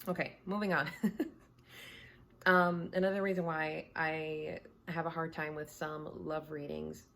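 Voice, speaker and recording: A woman with a notably low voice talks casually from her home. She gives her views as a tarot reader in a blunt, candid, conversational way. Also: little pitch movement, a little slow, fairly bright tone. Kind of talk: casual chat.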